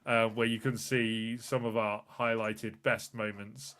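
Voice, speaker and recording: A man's voice: fairly low pitch, little pitch movement, a little slow, fairly bright tone. A man hosting a casual live-stream podcast, rambling loosely through the sign-off with plenty of filler words. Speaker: podcast host.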